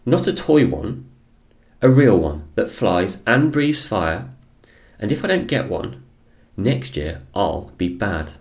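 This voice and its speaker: A man voicing a spoiled, demanding little girl in a storybook reading, whiny and insistent, pitched well above his own voice. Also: very animated, slow, vocal fry, heavily acted.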